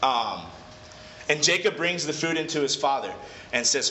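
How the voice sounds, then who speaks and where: A man leads a casual Bible lesson in a chatty, digressive way and corrects himself as he goes. His voice is bright and clear-toned. The recording is echoey and a bit dull, with faint noise underneath. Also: medium pitch, a little slow. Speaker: Bible study leader. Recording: echoey room, slightly dull.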